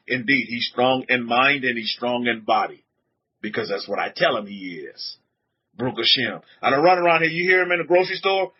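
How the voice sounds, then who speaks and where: A man preaching a sermon to a congregation, animated, repeating words and putting questions to the room, on a dull lo-fi recording. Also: medium pitch, brisk, breathy edge. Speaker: rabbi teaching a congregation.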